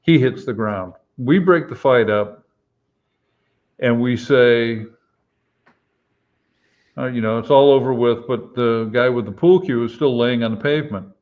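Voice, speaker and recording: Slow-talking man, lo-fi stream audio. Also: medium pitch. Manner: slow, halting anecdote with many fillers. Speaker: retired police officer, co-host. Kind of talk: casual storytelling on a live stream.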